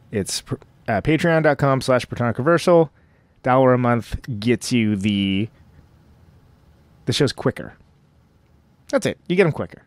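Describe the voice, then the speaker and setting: A man's voice: medium pitch, dry recording. Rambling, chatty male podcast host. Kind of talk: casual podcast intro monologue. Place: at home.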